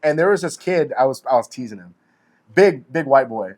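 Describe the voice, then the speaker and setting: A man in his forties co-hosting a podcast, telling stories in a casual, animated way, swearing freely and acting out what people said. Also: mid-range voice, normal speed. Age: 40s. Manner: animated storyteller, heavy swearing, acts out quotes. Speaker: podcast co-host. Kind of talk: casual chat.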